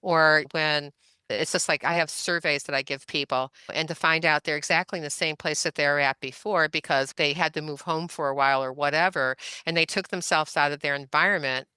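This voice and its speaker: A woman in her seventies speaks with a bright, forceful tone and a smooth, crisp voice. She tells stories chattily as a podcast guest, laughing often. The sound is dry and close. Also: deep voice, fairly even intonation, fairly quick, no echo. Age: 70s. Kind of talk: casual storytelling interview.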